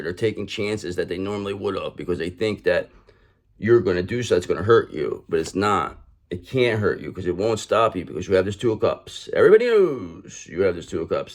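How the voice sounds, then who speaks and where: A man with a lowish voice reads tarot in a tough, street-smart manner. He swears freely and talks to the viewer as if advising a friend. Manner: blunt, streetwise and profane, addresses the listener directly. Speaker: tarot reader. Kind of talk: online tarot reading.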